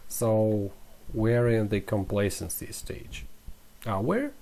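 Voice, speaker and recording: A man's voice: takes it slowly, vocal fry. A young man hosting a crypto channel, rambling and self-mocking as he comments over charts. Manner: rambling, self-mocking, animated swings in pitch.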